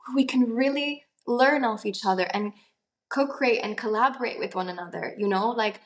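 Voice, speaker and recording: A young adult actress from Italy, talking in a casual, chatty interview with lots of fillers. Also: female voice, a little high, moderate pace. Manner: chatty, many fillers and laughs. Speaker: actress, guest.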